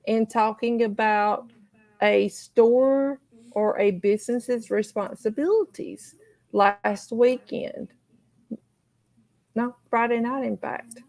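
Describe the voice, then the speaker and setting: A woman's voice: on the high side, vocal fry, darkish tone. A middle-aged woman hosting a casual livestream, chatting and reading viewer comments aloud. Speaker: livestream host.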